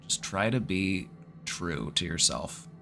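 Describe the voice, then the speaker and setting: A man giving calm, reassuring, casual advice as the host of a live online therapy stream. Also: low voice, takes it slowly, creaky, over music.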